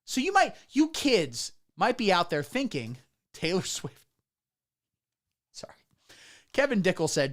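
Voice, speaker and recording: Man, comedian, satirical livestream rant, crude and absurd, animated pitch. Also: unhurried, pauses often. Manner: crude, absurd storytelling with asides to chat. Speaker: comedian streamer.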